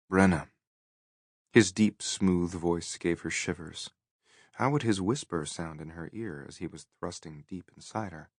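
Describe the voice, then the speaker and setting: A man narrating a romance audiobook in a soft, measured, intimate way. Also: low-pitched, no room sound, studio quality. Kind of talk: scripted narration.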